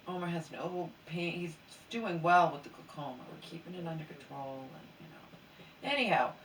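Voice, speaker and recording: A woman's voice: deep voice, fairly bright tone. A sleepy, mildly hungover woman venting in a rambling late-night chat that often sinks to a near whisper. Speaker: vlogger. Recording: roomy echo, mic at a distance, faint background hiss.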